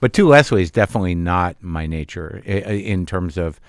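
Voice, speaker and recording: A man in his fifties, a guest comedian and actor, talking in a halting, self-deprecating way with many restarts. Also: low-pitched, lively intonation, smooth, no room sound, clean studio sound. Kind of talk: casual interview chat.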